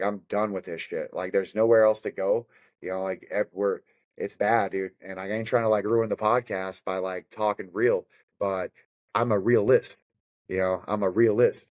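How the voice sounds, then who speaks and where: Profane fired-up man, low voice. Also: a little mellow. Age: adult with children. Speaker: podcast guest, bare-knuckle fighter. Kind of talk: casual podcast conversation.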